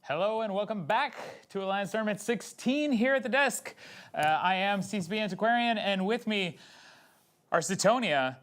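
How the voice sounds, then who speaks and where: A man's voice: sits high, expressive, normal speed, a bit bright. A man with a Canadian accent hosting a live tournament desk show, playful and teasing, often restarting his sentences. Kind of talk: live broadcast desk chat.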